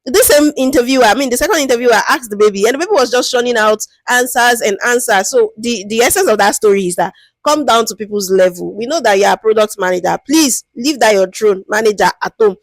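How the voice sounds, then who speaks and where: A woman with a Nigerian accent giving a casual, lively lesson, often checking that listeners follow and acting out interview lines. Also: fast talker, no echo. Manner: lively, conversational, keeps asking "do you understand?"; acts out interview lines in a higher, sweeter voice. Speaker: product management teacher. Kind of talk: casual explanatory talk.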